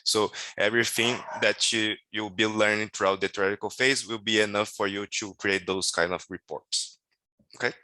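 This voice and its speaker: A man's voice: lowish voice, steady tone, normal speed, pushed and bright, slight background noise, rough recording. A man moderating a Q&A session for students, reassuring and often checking understanding. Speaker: program coordinator moderating Q&A.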